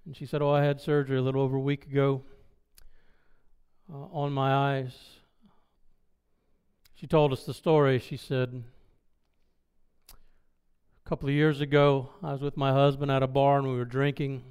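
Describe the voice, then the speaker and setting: A man telling a personal story in a sermon, animated and acting out the dialogue. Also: medium pitch, normal speed, pauses often, clear, resonant tone. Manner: loud when excited. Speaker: preacher.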